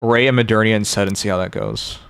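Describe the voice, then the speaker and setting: A man's voice: on the low side, fairly even intonation, fast talker, a bit bright, smooth, no echo. A young man streaming a game, chatting casually and thinking aloud as he plans his teams. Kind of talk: casual gaming livestream chat.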